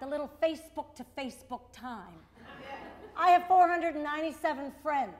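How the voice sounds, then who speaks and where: A woman's voice: high-pitched, moderate pace. A middle-aged woman doing a stand-up comedy routine, wry and self-mocking, with sudden exasperated bursts.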